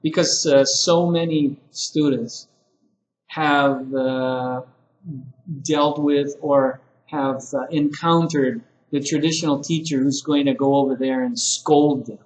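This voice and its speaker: A man's voice: medium pitch, steady tone, slow pace. Man teaching in an echoey room. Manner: conversational, acts out sample teacher phrases. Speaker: ESL teacher trainer. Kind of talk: lecture-style teaching video.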